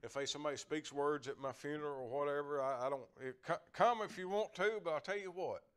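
A man's voice: fairly high pitch, fast talker, clear, resonant tone. An older man, preaching a folksy lay sermon, repeating words and chuckling as he talks.

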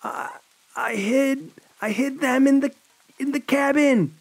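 A man's voice: very high voice, slow, voice pushed up, exaggerated voice. A man voicing a terrified young woman fleeing a killer, stammering and pleading. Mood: gasping fear.

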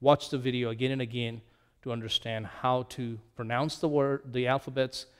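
A middle-aged man teaching a lesson at a whiteboard, speaking slowly and patiently and repeating words so learners can drill them. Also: medium pitch, flat delivery, smooth, big-room sound.

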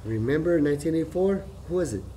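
A middle-aged man, talking in a rambling, profane monologue that jumps from loud outbursts to low mutters. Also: expressive, rapid-fire. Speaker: vlogger.

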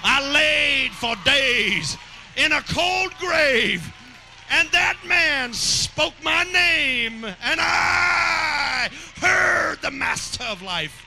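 A preacher voicing Lazarus, a man raised from the grave, in a slow, shouted proclamation. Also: very high voice, animated, creaky, noisy background, voice pushed up, full character voice. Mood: awed.

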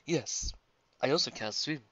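A woman voicing a polite, cheerful male skeleton gentleman in a fan audiobook reading, speaking with courteous formality. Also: very deep voice, expressive, measured pace, no echo, muffled recording, exaggerated voice.

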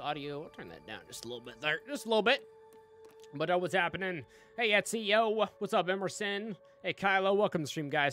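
A man streaming a game live, chatting casually with viewers, excitable and swearing often. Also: on the high side. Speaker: gaming streamer. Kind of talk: live gameplay commentary.

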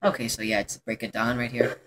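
A man giving let's play commentary on a horror game, excitable and profane, with jumpy reactions. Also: mid-range voice, brisk, a crowd in the background, rough recording. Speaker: gameplay commentator.

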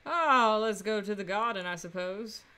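Bright-voiced woman streaming a game. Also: medium pitch, lively intonation, normal speed, clear, resonant tone. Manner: musing, reads dialogue and narration aloud. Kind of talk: casual game stream chat and reading.

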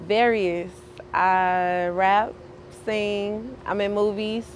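A woman's voice: medium pitch, flat delivery, very slow. Woman from St. Louis, aspiring rapper, casual short answers, light street noise behind. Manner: casual, brief answers, rhythmic freestyle delivery. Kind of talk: street interview with a freestyle rap.

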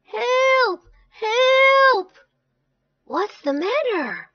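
Woman voicing young shepherd boy, cheeky, shrill cries for help, storybook, lo-fi sound. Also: sing-song, very slow, no echo, faint music behind, full character voice. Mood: alarmed. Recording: dull lo-fi dry recording.

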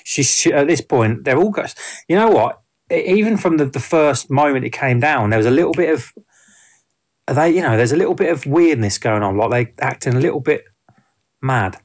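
A man's voice: mid-range voice, lively intonation, brisk. A man giving a casual spoken film review, rambling with many fillers and restarts.

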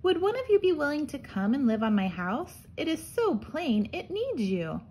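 A woman's voice: high-pitched, sing-song, moderate pace, darkish tone, a little hiss or hum. Hermit Crab, a polite little crab, as a woman puts him on. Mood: earnest. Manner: polite, earnest, admiring. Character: kind hopeful male hermit crab.

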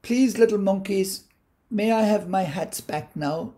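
An Irish man playing a tired, quick-to-anger hat maker who speaks to some monkeys. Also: sits high, mellow, voice pushed up. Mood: calm pleading. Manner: pleading then scolding. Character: weary travelling hat maker, a grown man, short-tempered.

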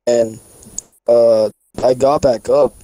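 A man's voice: medium pitch, steady tone, slow pace, dark tone, no echo, rough recording. A young man co-hosting a casual podcast, telling a long rambling story full of swearing and fillers. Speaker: podcast co-host. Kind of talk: casual chat.

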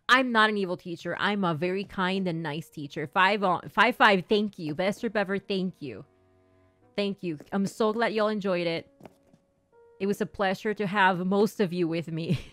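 Playful woman streamer teasing her chat. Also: mid-range voice. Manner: playful, teasing, laughs often. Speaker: gaming streamer. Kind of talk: livestream chat, playing a strict teacher to viewers.

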